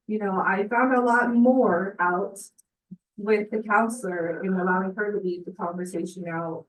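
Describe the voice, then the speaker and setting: A woman, a parent, earnestly sharing a personal story about her son, often saying "you know". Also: medium pitch. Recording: echoey room, voice from a distance.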